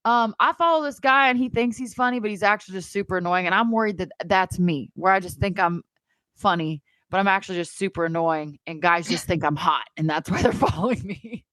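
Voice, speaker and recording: Animated self-mocking woman in her thirties. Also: fairly quick, no room sound. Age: 30s. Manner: animated, self-mocking storyteller, big pitch swings. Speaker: podcast co-host. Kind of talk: casual chat.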